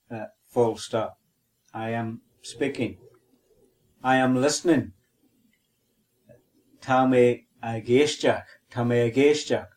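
A man with a Northern Irish accent co-hosts a podcast, methodically teaching a language lesson by spelling and repeating words. His voice is medium-pitched with a darkish tone.

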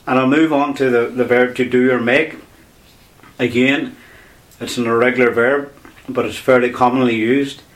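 A man's voice: medium pitch, a bit bright. A man teaching a language lesson on air, explaining patiently step by step and repeating key words.

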